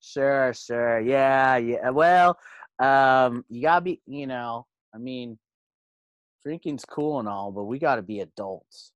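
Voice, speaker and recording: A man's voice: medium pitch, slow pace, no echo, dull audio. A man guesting on a casual podcast chat, laid-back and teasing, slightly buzzed from beer. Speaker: guest, comic book writer.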